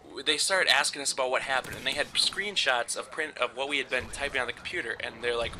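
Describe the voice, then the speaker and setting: A man's voice: mid-range voice, fast talker, hardly any pauses, sharp tone, slight background noise. A young man casually telling a story over gameplay, rambling and swearing often with frequent laughs. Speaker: gaming commentator.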